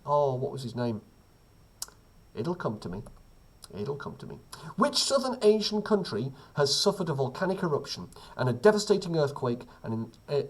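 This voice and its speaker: A man hosting a home quiz, reading questions and options with rambling, self-deprecating asides. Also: medium pitch. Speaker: quiz host.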